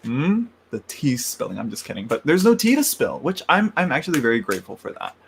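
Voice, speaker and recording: A man's voice: mid-range voice, huge pitch swings, brisk, vocal fry, slight background noise. A man hosting a casual tarot livestream, chatting in a rambling way, laughing often and greeting viewers by name, into a large microphone.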